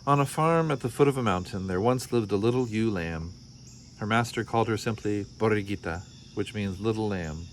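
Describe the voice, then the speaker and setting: Guy reading a kids picture book out loud, lowish voice, faint crickets in the back. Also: moderate pace, a little hiss or hum. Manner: expressive storytelling. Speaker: storybook reader.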